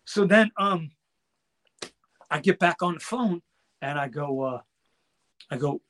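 A man's voice: fairly high pitch, expressive, slow pace, pauses often, a bit bright. An older man telling a story in casual chat, acting out quoted voices and swearing freely. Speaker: guest musician.

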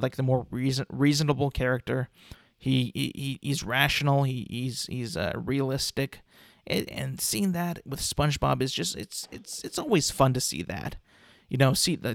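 A man's voice: mid-range voice, vocal fry, dry recording, clean studio sound. A man in his twenties casually talking through his opinions on cartoon episodes, rambling with frequent restarts and filler words. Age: 20s. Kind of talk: casual commentary on a cartoon ranking.

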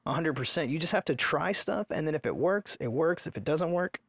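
A man's voice: fairly high pitch, lively intonation, brisk, a bit bright, dry recording, studio quality. A man in casual podcast chat about parenting, earnest and opinionated, swearing for emphasis. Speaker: podcast co-host, father.

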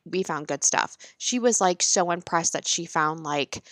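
A woman's voice: lowish voice, unhurried, no echo. A woman, telling frank, profane stories about motherhood in a candid monologue. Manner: frank, profane, animated storytelling.

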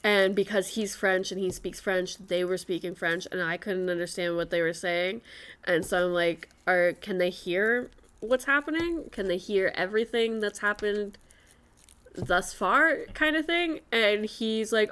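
A woman's voice: mid-range voice, measured pace, fairly bright tone, clean tone. A young woman co-hosting a podcast, telling candid stories in casual chat and laughing often. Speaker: podcast co-host.

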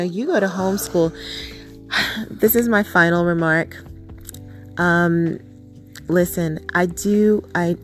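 A woman and mother hosting a podcast, chatting casually and earnestly with frequent fillers and restarts. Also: fairly low pitch. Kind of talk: casual chat.

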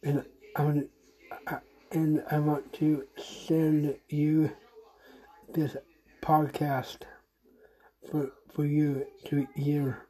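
Slow, halting, earnest podcast voice. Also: mid-range voice, flat delivery, breathy edge, poor audio. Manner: halting and repetitive, restarting phrases; earnest, soft sad voice. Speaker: podcast host. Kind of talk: personal spoken message to a friend.

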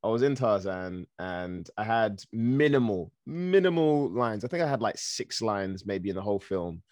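A man from Africa, an actor guest, telling stories in a lively, casual way, laughing often and swearing now and then. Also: on the low side, moderate pace, no echo. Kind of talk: casual storytelling.

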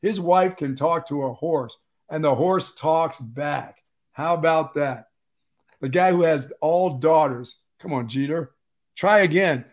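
A man's voice: a little high, unhurried. A man co-hosting a sports talk radio show, bantering casually and playfully ribbing his co-host in a studio.

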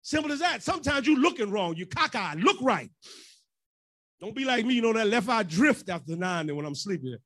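A man's voice: high voice, very animated, a little fast, a bit bright. A man preaching as pastor in a loose, joking way, slipping into the voices of church folk. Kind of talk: conversational sermon.

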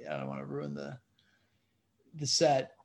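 A male stand-up comedian chatting as a guest, his voice sitting a bit high for a man. He rambles through his stories, circling back and filling gaps with "you know what I mean.". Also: big pitch swings, unhurried, vocal fry, darkish tone. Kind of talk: casual interview storytelling.

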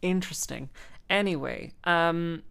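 A woman's voice: lowish voice, measured pace, creaky, fairly bright tone, clean tone. A young woman hosting a podcast, chatting casually in a rambling, self-interrupting way and laughing often. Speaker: podcast host and freelance musician.

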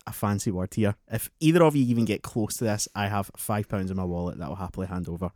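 Guy hosting a podcast, loud, laughs a lot, dry sound. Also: fairly low pitch, fast, no room sound. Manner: loud, laughing, reads out game words. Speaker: podcast host. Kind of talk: casual comedy podcast chat.

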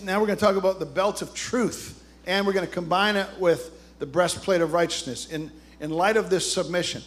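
A man preaching a sermon in an emphatic, rousing way, calling out to his congregation. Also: high-pitched. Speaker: pastor.

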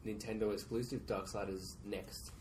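A man's voice: fairly low pitch, steady tone, moderate pace, a little mellow, a little hiss or hum. A man co-hosting a gaming podcast, dry and understated in casual chat. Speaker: podcast co-host.

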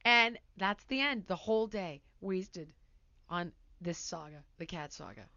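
A woman hosting a podcast, telling a story in casual chat, animated and acting out quotes loudly. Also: lowish voice, measured pace, no room sound, dull audio. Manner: animated, breaks into laughter, acts out quotes loudly. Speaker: podcast host.

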